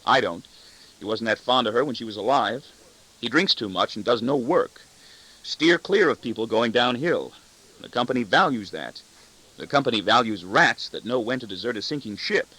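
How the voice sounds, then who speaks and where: A man's voice: medium pitch, expressive, normal speed, sharp tone, poor audio. A man reading a glib, sardonic male boss. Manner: sardonic, cutting, self-satisfied. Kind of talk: audiobook reading.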